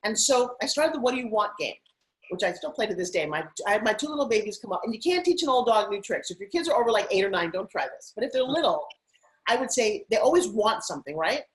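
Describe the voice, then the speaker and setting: A middle-aged woman guest telling stories in an interview, animated and putting on voices now and then. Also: medium pitch, quick pace, rough recording. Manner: animated, acts out her kids' voices. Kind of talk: interview storytelling.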